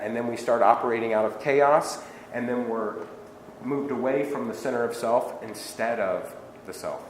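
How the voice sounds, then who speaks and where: A man giving a spiritual self-help lecture, asking rhetorical questions and acting out everyday dialogue. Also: medium pitch. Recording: echoey hall with faint ambient noise.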